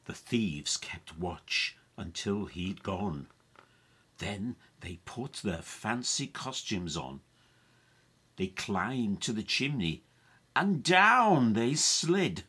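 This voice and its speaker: A woman reading a rhyming children's picture book aloud, with a lilting, expressive delivery. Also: very deep voice, slow pace, husky, soft background music. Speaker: storyteller.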